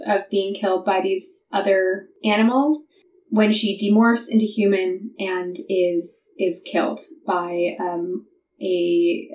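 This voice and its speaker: A woman on a casual book podcast recaps the plot in long, breathless run-on sentences, clearly moved by it. She sits a little back from the mic, and her voice rings in an echoey room. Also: medium pitch, recorded from a distance, slight background noise. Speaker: podcast co-host.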